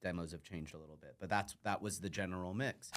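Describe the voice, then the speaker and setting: Low, bright-toned comedian guest. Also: male voice, fairly even intonation, fast, slight background noise. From Los Angeles. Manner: laid-back, laughs through his stories. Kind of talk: casual chat, storytelling.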